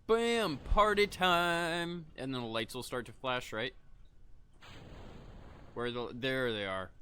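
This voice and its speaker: A man's voice: medium pitch, fairly even intonation, measured pace, bright, forceful tone, clear, resonant tone. A young man casually rambling through live gameplay commentary, laid-back and often chuckling, with the odd cough. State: coughing between lines. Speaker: gaming streamer.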